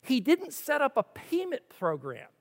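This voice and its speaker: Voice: high voice, huge pitch swings, unhurried, big-room sound. A preacher giving a sermon and reading scripture aloud, who acts out the quoted voices and keeps asking the listeners questions.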